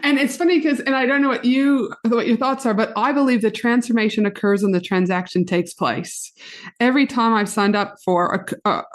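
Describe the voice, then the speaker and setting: A woman hosting a podcast over a video call, chatting casually and giggling while she tells quick animated stories. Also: fairly high pitch. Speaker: podcast host, business coach. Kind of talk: casual interview chat.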